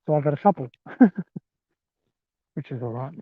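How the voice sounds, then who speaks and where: Speaking a little high at a moderate pace, a man livestreams from a handheld phone while walking a rural rail trail. He's chatty and meandering, calling his viewers "guys." The recording is dry and thin, like a phone's.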